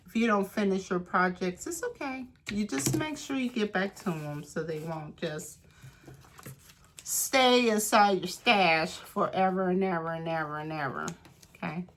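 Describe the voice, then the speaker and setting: A woman leads a relaxed craft session and talks to herself as she works things out. She takes her time, with many pauses and restarts. Faint noise and small clicks sit behind her voice. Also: on the low side. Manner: chatty, self-talking, thinking aloud while crafting; slow, unhurried delivery with frequent pauses. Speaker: craft and journaling creator. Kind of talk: casual craft tutorial chat.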